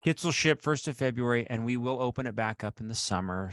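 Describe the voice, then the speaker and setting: A man's voice: mid-range voice, animated, a little fast, no echo, clean studio sound. A man hosting a casual cycling podcast, upbeat and rambling with frequent fillers. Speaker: podcast host.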